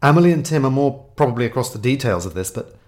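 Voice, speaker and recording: A man's voice: mid-range voice, lively intonation, quick pace, darkish tone, natural voice. A man voicing a cheerful, breezy male agency manager who eagerly agrees with everything. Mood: chirpy. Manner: chirpy, eager, keeps agreeing.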